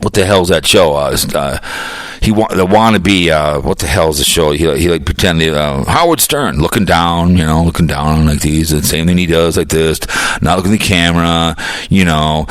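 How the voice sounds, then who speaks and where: A man's voice: deep voice, moderate pace, no echo, rough recording. An older man hosting a podcast, arguing and ranting with crude, mocking insults. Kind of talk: heated argumentative rant.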